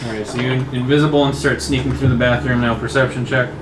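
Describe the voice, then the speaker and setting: A man runs the tabletop game as its narrator, calling for rolls and painting scenes in a loose, laughing way. He sits a little back from the mic, so his voice comes through roomy and echoing over a steady background noise. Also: mid-range voice, fast talker. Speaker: game master. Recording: echoey room, far from the mic, noisy.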